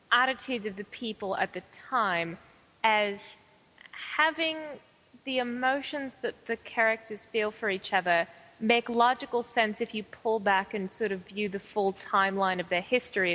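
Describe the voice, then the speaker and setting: A woman chats on a podcast, building her points slowly and thoughtfully. Her voice sounds bright and keen. The audio is dull, with a long reverb trailing behind her. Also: medium pitch. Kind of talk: casual discussion.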